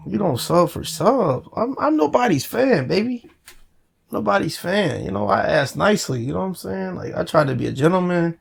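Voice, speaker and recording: A man's voice: fairly high pitch, gravelly. A man talking straight to the camera in a rambling, profane, casual rant, full of repeated fillers. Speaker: channel owner.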